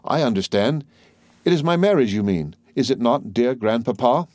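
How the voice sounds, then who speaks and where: A man's voice: medium pitch, animated, moderate pace, a little mellow, dry recording, clean studio sound, pitched above the performer's own voice, lightly acted. A man voicing a tender, devoted young granddaughter who speaks in an earnest, pleading way. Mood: eager.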